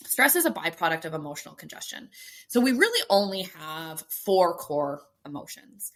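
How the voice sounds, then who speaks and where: A woman's voice: lowish voice, brisk. A woman guest on a podcast, explaining her ideas emphatically and acting out the voices in people's heads. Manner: animated, acts out inner voices, emphatic. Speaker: guest, stress coach. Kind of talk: explaining in an interview.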